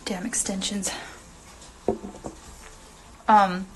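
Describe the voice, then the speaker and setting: A woman's voice: mid-range voice, little pitch movement, very slow, a little hiss or hum, low-quality recording. A young woman telling a long story on a phone livestream, rambling with lots of fillers and casual swearing. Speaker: reality TV personality on a livestream.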